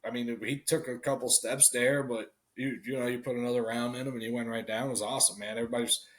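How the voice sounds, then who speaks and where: A man joining a podcast as a guest, recalling events in a relaxed, casual way. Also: medium pitch, fast talker. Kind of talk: casual conversation.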